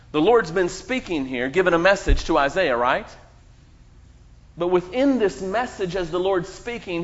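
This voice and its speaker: A man pastor delivering a sermon, preaching emphatically with dramatic pauses and quoting scripture. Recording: muffled low-fidelity sound.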